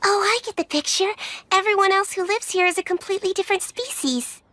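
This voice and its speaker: A woman's voice: very high-pitched, fairly quick, pushed and bright, no room sound. A woman voicing a polite, easily flustered young witch in an anime English dub, speaking earnestly. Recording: soundtrack music behind.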